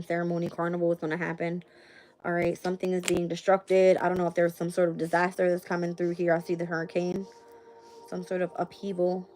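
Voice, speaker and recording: A young woman hosting a casual live stream and reading tarot cards, blunt and profane, with frequent laughs. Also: fairly low pitch.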